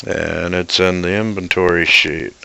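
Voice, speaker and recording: A man narrating as game master of a tabletop game, unhurried and hesitant, with many pauses and fillers. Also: sits low, fairly even intonation, vocal fry, sharp tone, a little hiss or hum.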